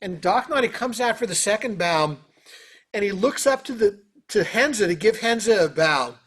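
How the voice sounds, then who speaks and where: High, bright-voiced man telling stories. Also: moderate pace, slightly rough. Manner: animated, lots of fillers. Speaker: orchestra trumpeter, interview guest. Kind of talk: casual storytelling.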